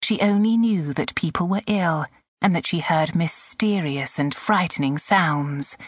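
A woman reading a classic novel as an audiobook in a measured voice that drops to a hush at tense moments. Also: lowish voice, slight background noise. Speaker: audiobook narrator. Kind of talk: scripted audiobook narration. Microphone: close studio mic.

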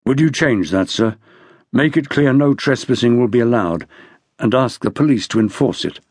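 A man voicing a brisk, curt male detective inspector who speaks in clipped, impatient sentences. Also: mid-range voice, expressive, darkish tone, no echo, studio quality, voice pushed down, close to an everyday voice.

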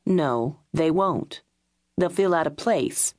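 A man's voice: fairly high pitch, animated, slow pace, a little mellow. A woman narrator voicing a brusque, blunt male private detective who speaks curtly. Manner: curt, abrupt, blunt.

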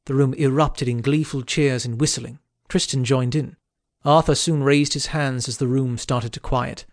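Brief: male audiobook narrator, measured reading, close studio mic, no room sound. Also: mid-range voice, fairly even intonation, dry recording. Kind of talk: scripted narration.

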